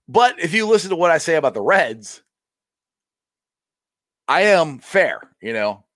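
A man hosting a casual live-stream sports show, excitable and rambling, with frequent laughs. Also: on the high side, a little slow, no echo, clean studio sound.

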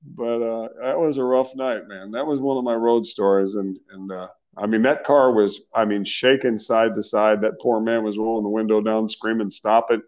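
A middle-aged man, a singer, being interviewed, telling stories in a loose, animated way with slang and laughs. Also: on the low side, moderate pace, few pauses, highs cut off. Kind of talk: casual storytelling interview.

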